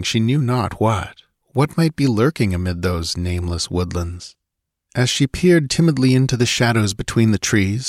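A man narrating a story aloud in a measured storytelling manner, recorded close to the mic. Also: low voice, no echo. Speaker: audiobook narrator. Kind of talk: scripted narration.

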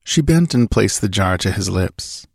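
A man reading an adventure story aloud in a steady, measured narration. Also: lowish voice, creaky, husky, no echo, clean studio sound. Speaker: audiobook narrator. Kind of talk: scripted narration.

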